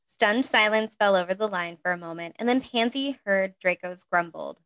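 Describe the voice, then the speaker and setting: A woman's voice: mid-range voice, normal speed, few pauses, a bit bright, smooth, dry recording, poor audio. Woman reading a story with chatty asides. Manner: reads narration with chatty asides and laughs. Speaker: reader.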